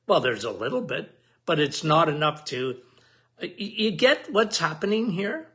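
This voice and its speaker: Emphatic high-voiced man explaining health. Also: very animated, moderate pace, pushed and bright. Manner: emphatic, repetitive, asks the listener questions. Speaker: health podcast host.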